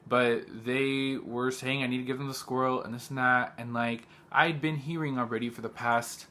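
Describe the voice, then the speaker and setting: Here a young male teacher vlogs casually about a personal experience, his mid-range voice level yet sharp and his speed normal. He's agitated, uses "like" a great deal, and quotes the others in the story.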